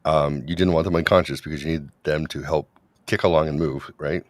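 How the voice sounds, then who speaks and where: Very deep-voiced blunt man. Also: fairly even intonation, fairly quick, no echo. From Wyoming. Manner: blunt, swears freely. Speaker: guest. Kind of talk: casual chat.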